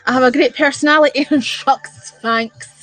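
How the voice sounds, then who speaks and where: A woman's voice: high voice, steady tone, normal speed, fairly bright tone, no room sound, soft background music. A woman chatting with viewers on a livestream, blunt and full of swearing as she rants. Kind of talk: casual live-stream chat.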